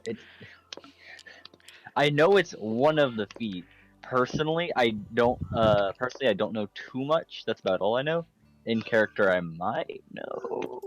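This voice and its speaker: A man's voice: medium pitch, lively intonation, measured pace, rough recording. A man player in a tabletop game, rambling and unsure in a casual chat.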